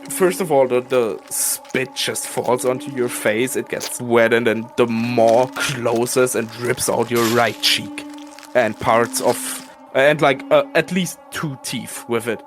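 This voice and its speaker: A man's voice: medium pitch, fairly even intonation, slow pace, music in the background. A man narrating a horror tabletop game as game master, casual and full of fillers, relishing gory detail. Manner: casual, filler-heavy, gleeful gore description.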